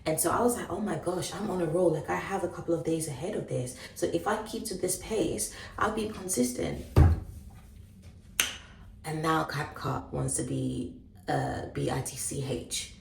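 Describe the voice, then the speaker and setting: A woman's voice: lowish voice, sing-song, moderate pace, echoey room, distant mic, background noise. A woman in her late twenties from Ghana, venting in a casual, candid vlog to her phone camera. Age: late 20s. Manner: frustrated venting, chatty and candid. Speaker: vlogger.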